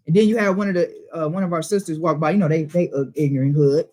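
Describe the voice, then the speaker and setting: High-voiced man preaching with street slang. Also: fairly even intonation, fast talker, hardly any pauses, a little mellow. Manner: emphatic, rhetorical questions, street slang. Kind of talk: informal preaching.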